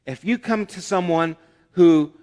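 A man's voice: high voice, unhurried, darkish tone. Pastor, male, chatty preaching style with quoted asides, echoing church hall. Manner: conversational preaching with acted asides. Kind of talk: sermon. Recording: long hall reverb.

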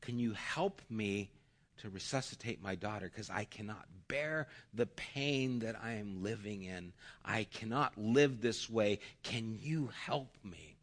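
A man voicing a grieving young mother who begs softly for help. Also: lowish voice, measured pace. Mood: pleading. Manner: pleading, soft.

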